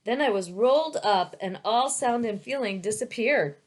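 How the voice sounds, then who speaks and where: A woman voicing an eager, gentle young male dragon who was born from a painting, telling his story in earnest. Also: on the high side, moderate pace, lightly acted.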